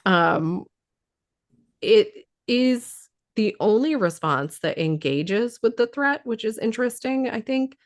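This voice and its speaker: A woman's voice: fairly high pitch, lively intonation, takes it slowly. A woman who is losing her voice explains trauma responses in casual talk, thoughtful, with many fillers and restarts.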